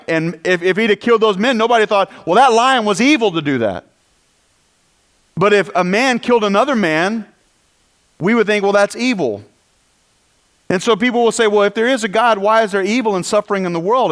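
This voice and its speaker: A man's voice: high voice, a bit bright. A man preaching a sermon in a conversational way, with rhetorical questions and asides. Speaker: pastor.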